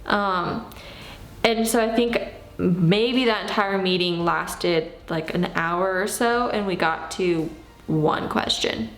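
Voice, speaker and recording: A woman in her thirties telling a personal story in a casual, animated way, acting out what she said back then. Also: on the low side, takes it slowly, reverberant, faint music behind. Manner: animated, acts out her own past lines. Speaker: vlogger.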